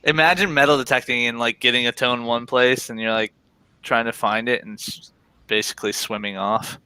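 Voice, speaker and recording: A man's voice: medium pitch, fairly even intonation, a little fast, pushed and bright, clear, resonant tone, dry recording, rough recording. A man hosting a casual live stream, reading an article aloud and chatting with a guest in a laid-back way.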